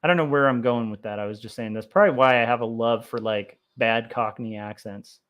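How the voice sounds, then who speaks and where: A young man talking loosely to his stream audience while he sketches, in a mid-pitched voice. He drifts from thought to thought with plenty of fillers and sounds keen on the history he's digging into. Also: brisk. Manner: rambling, many fillers, excitable about history. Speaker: comic artist streaming his drawing. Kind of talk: casual livestream chat while drawing.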